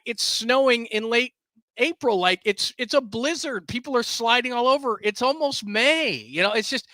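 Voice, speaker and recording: Middle-aged male sports broadcaster, high bright voice, animated storyteller. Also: no room sound. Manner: animated, bursts into shouts when quoting. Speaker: sports radio broadcaster, guest. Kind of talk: casual podcast chat, storytelling.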